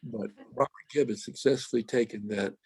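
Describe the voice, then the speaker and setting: A man's voice: medium pitch, a little mellow, breathy edge, no room sound. An older man with a Western Pennsylvania accent, a guest poet talking thoughtfully about verse and dialect on a video call. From Mon Valley, Pennsylvania. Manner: thoughtful, measured, quoting lines slowly. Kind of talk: reflective talk on poetry.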